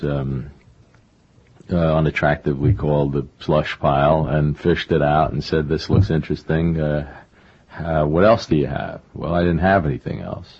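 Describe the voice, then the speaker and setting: A man's voice: extremely low pitch, breathy edge. An older man, a novelist guest in an interview, talking in a rambling, self-deprecating way with many fillers and restarts. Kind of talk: conversational interview. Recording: dull lo-fi radio recording.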